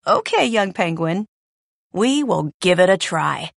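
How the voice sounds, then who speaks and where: A woman's voice: on the low side, very animated, measured pace, vocal fry, no room sound, studio quality, pitched below the performer's own voice, heavily acted. A woman voicing a confident, proud adult male delivery bird in a storybook. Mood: gentle. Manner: confident, declaring.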